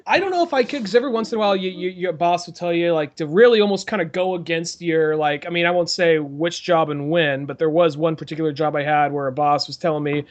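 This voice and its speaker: A man co-hosting a comedy podcast, laid-back and quick to laugh in casual banter. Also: fairly high pitch, muffled recording. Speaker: podcast co-host.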